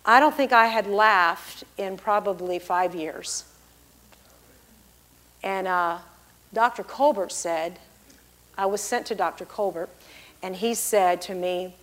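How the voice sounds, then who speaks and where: A middle-aged pastor's wife giving a lively church testimony, acting out the people she quotes. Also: medium pitch, slow, pauses often. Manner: storytelling, acts out the people she quotes in big, loud voices.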